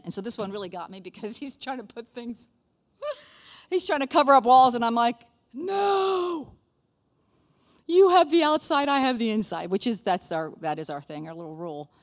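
A woman's voice: fairly high pitch, fairly quick. A middle-aged woman giving a casual, chatty sermon as a pastor's wife, often checking in with the listeners. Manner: chatty, animated, frequent "okay?" asides.

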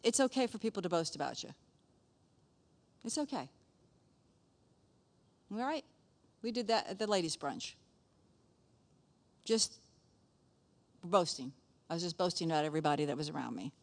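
A woman's voice: lowish voice, animated, normal speed, pauses often. Chatty woman teaching a Bible lesson. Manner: chatty, checks in with "okay?" often.

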